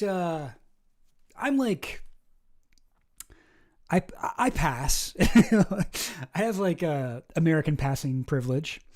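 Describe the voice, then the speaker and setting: A man's voice: on the high side, a little mellow. A young Canadian man with a Canadian accent, chatting casually on a live stream and answering his chat, rambling with lots of fillers and restarts.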